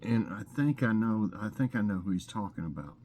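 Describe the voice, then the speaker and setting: A man hosting a casual vlog, reading trivia questions aloud and thinking out loud with fillers. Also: lowish voice, expressive, brisk, a little hiss or hum. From Scotland. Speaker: vlog host.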